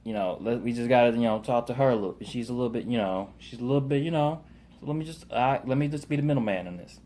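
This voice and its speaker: Talking fast in a warm, medium-pitched voice, this TV reviewer loosely recaps an episode, wandering off track, leaning on fillers and paraphrasing quotes.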